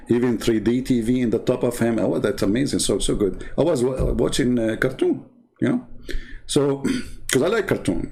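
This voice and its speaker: A man's voice: mid-range voice, warm tone. A man with an Arabic accent, a native Arabic speaker, hosting and telling a mocking story in a rambling, sarcastic way, full of fillers. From Arab world. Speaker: host, Christian apologist.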